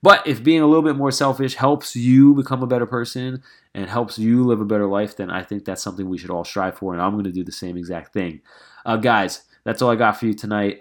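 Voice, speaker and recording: A man's voice: fairly low pitch, steady tone, brisk. Earnest nasal man hosting a podcast. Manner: earnest, passionate, rambling with restarts. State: stuffy nasal voice from a cold. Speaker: podcast host and life coach. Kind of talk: solo podcast monologue.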